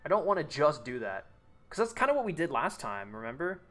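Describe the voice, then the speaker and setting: A man's voice: fairly high pitch, big pitch swings, a little fast, pushed and bright. Rambling young male streamer, music behind. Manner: rambling, thinks aloud with restarts and swearing. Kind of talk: casual live-stream chat, reading chat.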